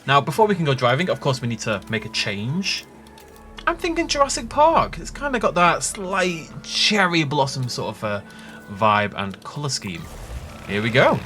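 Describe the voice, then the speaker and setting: Excited guy commentating a game playthrough, jokey, voice bouncing all over, light music. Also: medium pitch, normal speed. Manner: animated, jokey, enthusiastic. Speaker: gaming YouTuber. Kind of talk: gameplay commentary.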